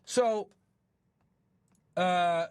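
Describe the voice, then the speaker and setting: A man hosting a streaming show, talking casually to his live chat and retelling a story in an animated, profane, incredulous way. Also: high-pitched, drawn-out words, clear, resonant tone, no room sound.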